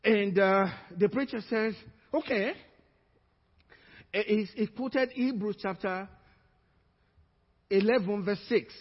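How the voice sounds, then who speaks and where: A pastor preaching a sermon, telling stories and acting out the people in them. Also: male voice, very high-pitched, expressive, measured pace, slightly rough. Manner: storytelling, acts out quoted voices. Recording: muffled church recording, long reverb.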